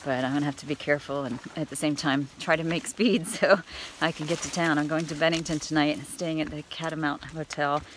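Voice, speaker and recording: Chatty low-voiced woman hiker. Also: steady tone, a little fast, hardly any pauses, a little hiss or hum. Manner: chatty, laughs often. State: out of breath on climbs. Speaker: hiker vlogger. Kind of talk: casual trail vlog. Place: outdoors on a forest trail.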